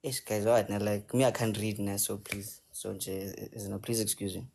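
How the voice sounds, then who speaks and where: A man's voice: on the low side, fairly even intonation, moderate pace, vocal fry, a little mellow. A South African man hosting a live stream in a rambling, playful way, sliding between languages and slang. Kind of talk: casual live-stream chat.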